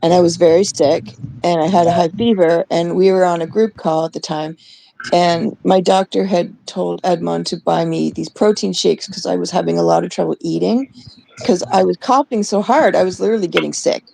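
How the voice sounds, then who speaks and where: Woman, from Canada, podcast co-host, casual storytelling, animated quoting, swears, low mellow tone, some vocal fry. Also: normal speed, poor audio. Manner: animated, acts out quoted voices, swears freely.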